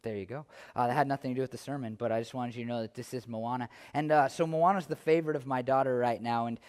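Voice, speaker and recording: A male pastor preaching a sermon in a church, chatty and self-deprecating, then building to loud, impassioned stretches. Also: mid-range voice, fairly even intonation, fast, long reverb tail. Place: church sanctuary.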